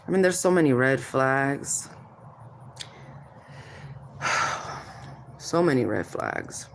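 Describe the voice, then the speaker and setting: Venting straight to camera about child services, this mother calls out officials directly, keeps prodding with "hmm?", calls listeners "baby" and gives spiritual warnings. Her extremely low voice is animated yet slow, with a little hiss or hum.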